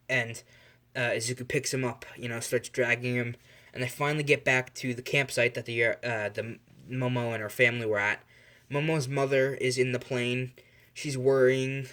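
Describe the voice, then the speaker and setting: A man's voice: mid-range voice, little pitch movement, moderate pace, a bit bright. A young man improvising a fan story aloud, rambling and correcting himself as he goes, with lots of fillers.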